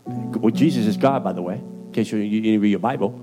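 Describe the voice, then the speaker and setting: Puerto Rican-accented man preaching over guitar. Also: quick pace. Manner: emphatic, streetwise, jumps in pitch for punchlines. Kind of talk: sermon with altar call. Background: guitar music.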